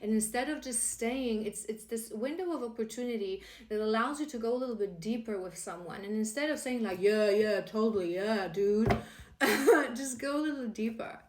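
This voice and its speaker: A woman's voice: a little high, brisk, hardly any pauses, reverberant, a little hiss or hum. A woman reading tarot-style cards as spiritual guidance, earnest and encouraging, often restarting her sentences. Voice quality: emotional, laughing warmly at times. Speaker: tarot card reader.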